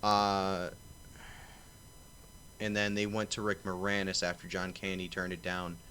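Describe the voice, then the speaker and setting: A man's voice: deep voice, completely flat delivery, a little slow, bright, forceful tone, clean tone. A man co-hosting a casual chat, rambling through anecdotes and retelling stories in quoted voices. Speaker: podcast co-host.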